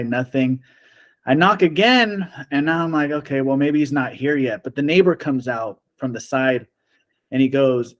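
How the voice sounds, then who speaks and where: A man telling a long story in casual chat, animated and acting out the quoted lines of the people in it. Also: medium pitch. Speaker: storyteller guest.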